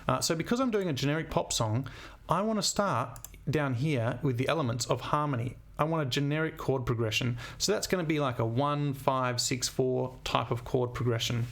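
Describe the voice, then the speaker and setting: A man's voice: mid-range voice, normal speed, vocal fry. A man, a music teacher talking through a composition demo while thinking aloud. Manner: thinking aloud, scatting melodies. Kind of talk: screen-recorded composition demo.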